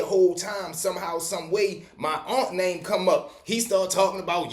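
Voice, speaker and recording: A man's voice: sits high, normal speed, hardly any pauses. A man telling a prison story in casual street slang, swearing freely. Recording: echoey room.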